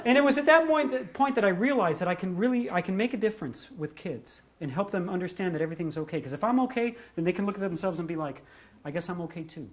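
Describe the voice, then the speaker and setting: Man, animated storyteller, casual and chatty, voice swoops up and down. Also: high voice, quick pace, few pauses. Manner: lively, laughing, conversational with many fillers.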